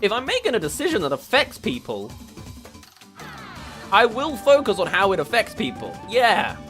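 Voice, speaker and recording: A man's voice: sits high, huge pitch swings, moderate pace, fairly bright tone, faint music behind. A young English man streaming as a VTuber, chatting casually and laughing as he reads quiz questions aloud. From England.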